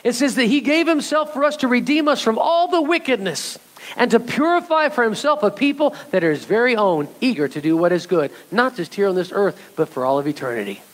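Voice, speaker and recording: A male pastor preaching a sermon, animated and speaking directly to his congregation, sometimes acting out voices from the story. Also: very high-pitched, fairly quick. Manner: animated, acts out voices of scripture figures; addresses congregation directly as church.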